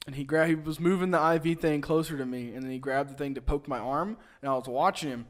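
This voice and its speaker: A man's voice: a little high, fast. A young man co-hosting a podcast, telling a rambling story full of fillers in casual chat. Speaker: podcast co-host.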